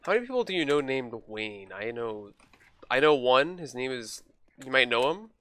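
A man's voice: mid-range voice, sing-song, moderate pace, sharp tone, a little hiss or hum. A man hosting a gaming video, joking and trash-talking in casual commentary while he plays. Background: game gunfire and keyboard clicks.

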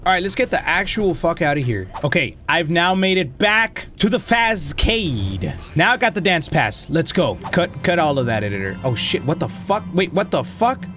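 Excitable young man yelling through a game. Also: fairly high pitch, moderate pace, few pauses, faint music behind. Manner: excitable, yells and swears, laughs often. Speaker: gaming YouTuber. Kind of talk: let's play commentary.

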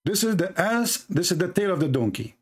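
A man, speaking in a fairly high voice. He reads passages aloud and answers them with sarcastic, jabbing commentary, in the manner of a debate host. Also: big pitch swings, a little fast, breathy edge. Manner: sarcastic, reads text aloud and mocks it with sudden high-pitched jabs. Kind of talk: mocking religious debate commentary.

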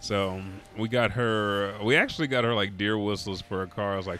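A man's voice: fairly low pitch, moderate pace, few pauses, a bit bright, faint music behind. Tired, profane, rambling young man. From Oklahoma, US. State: tired from staying up all night. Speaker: gaming streamer. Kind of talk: casual storytelling while playing.

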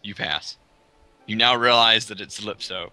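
Bright, teasing young man. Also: lowish voice, measured pace, no echo. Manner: teasing, laughs a lot. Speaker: player. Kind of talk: casual tabletop game chat.

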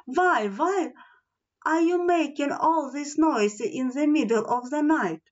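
Lady doing a concerned mother asking questions, slow and high. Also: highs cut off.

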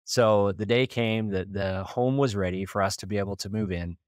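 A man's voice: fairly low pitch, moderate pace, no echo, clean studio sound. A man from small-town Idaho, hosting a podcast and earnestly retelling a personal story with occasional chuckles. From small-town Idaho, USA. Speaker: podcast host.

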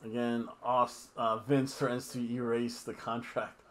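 A man's voice: mid-range voice, little pitch movement, measured pace, a little hiss or hum. A man hosting a casual wrestling review, talking in a rambling, offhand, jokey way with asides. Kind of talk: casual wrestling recap chat.

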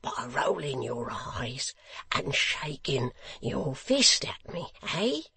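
A man voicing a sullen, beaten young rioter who speaks in a sulky, gruff way. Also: mid-range voice, sing-song, slow, bright, forceful tone, no echo, heavily acted. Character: sullen, wounded young rioter, whispering hoarsely.

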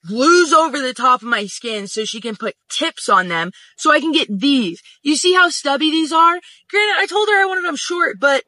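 A man with a very high, bright and forceful voice tells a casual storytime, venting emphatically and swearing freely. The sound is dry and close, with no room around it. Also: animated, moderate pace, few pauses, no room sound. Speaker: social media storyteller.

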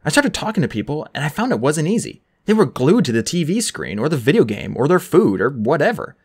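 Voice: mid-range voice, brisk, breathy edge. An audiobook narrator reading a first-person novel aloud and giving each character its own voice. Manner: animated, voices every character.

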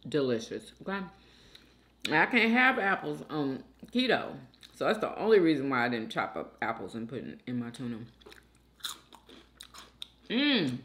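A woman hosting a mukbang, chatting casually and slowly between bites, humming as she eats. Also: a bass voice, big pitch swings, a bit bright. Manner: slow, chatty, hums with food in mouth. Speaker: mukbang host. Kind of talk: casual mukbang chat while eating.

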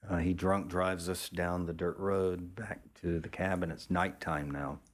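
A man's voice: fairly even intonation, unhurried. A man, a photographer, telling a casual, rambling story with frequent restarts and the odd swear word. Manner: acts out other people's lines in a raised pitch.

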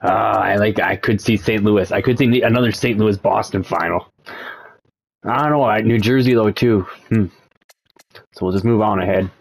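A man's voice: lowish voice, normal speed, creaky. A young man, casually commenting over a sports video game as he plays and thinks aloud. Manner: relaxed, thinking aloud, excited by close results. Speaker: gaming channel host.

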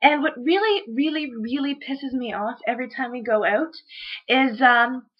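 Casting: high-pitched woman, blunt swearing vlogger, dull lo-fi webcam sound. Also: normal speed, breathy edge. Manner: blunt and profane, ranting. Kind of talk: casual rant vlog.

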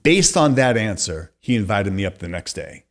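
A man in his fifties from California, a podcast guest telling long animated stories and acting out the voices of people he quotes. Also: lowish voice, normal speed. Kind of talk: conversational storytelling.

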